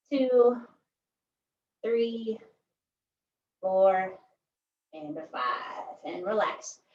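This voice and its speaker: Chatty woman coaching a workout, echoey. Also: a little high. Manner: chatty, joking, tags cues with "right?". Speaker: pilates instructor. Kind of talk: guided workout instruction. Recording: echoey room, distant mic, dull sound.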